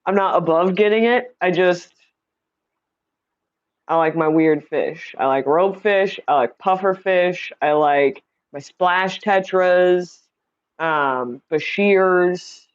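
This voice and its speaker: A woman's voice: lowish voice, takes it slowly, lo-fi sound. Chatty woman hosting a livestream. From Indiana, USA. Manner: chatty, reads viewer comments aloud, greets viewers by name. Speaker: livestream host. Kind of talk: casual livestream chat. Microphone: streaming setup mic.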